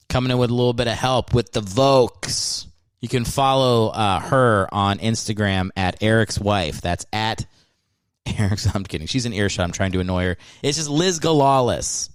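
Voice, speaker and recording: A man's voice: medium pitch, clear, resonant tone, no room sound. A man hosting a podcast, rambling through a casual monologue and poking fun at himself. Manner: rambling, self-mocking. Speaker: podcast host.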